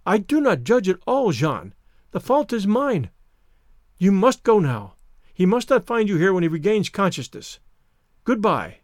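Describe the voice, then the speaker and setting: A man's voice: sits high, very animated, unhurried, no room sound, clean studio sound. A man voicing a remorseful noblewoman who urges her visitor to leave.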